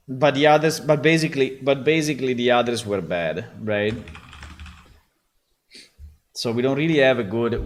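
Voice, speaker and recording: A man with an Italian accent talks slowly and loosely, circling back over his words as he reviews AI voices. His speech is unhurried and laid-back, with Italian as his first language. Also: mid-range voice. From Italy. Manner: rambling, repeats words, laughs often. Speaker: game developer. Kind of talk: casual commentary on AI voices.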